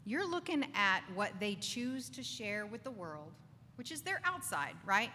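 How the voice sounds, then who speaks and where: A woman giving an animated faith talk to a live audience in a bar, acting out inner voices and asking the crowd for agreement. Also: fairly high pitch, moderate pace, a little hiss or hum. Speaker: speaker. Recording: distant voice with long reverb, faint ambience.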